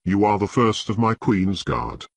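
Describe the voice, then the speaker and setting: A man voicing a resolute young queen, speaking in solemn, measured declarations with a husky, lively delivery. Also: lowish voice, dry recording, full character voice.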